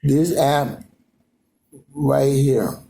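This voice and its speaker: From his home in Alaska, a vlogger with a gravelly, creaky, mellow voice rambles very slowly into his phone camera at a middling, steady pitch. His casual monologue is loose and repetitive, full of restarts and fillers like "you know what I'm saying."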